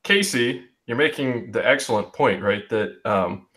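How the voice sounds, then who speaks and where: Young male host, video-call chat, reflective, meandering, mid-pitched. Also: expressive, unhurried, a bit bright. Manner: reflective, talks in restarts with um and you know. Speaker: host of an online group chat. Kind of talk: casual discussion.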